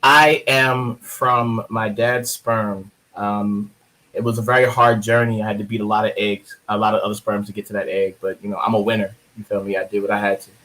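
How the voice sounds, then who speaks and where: A man's voice: fairly low pitch, normal speed, low-quality recording. A man from Baltimore, a guest poet, chatting casually in an interview and telling joking, profane stories. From Baltimore, USA. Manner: joking, profane, lively storyteller.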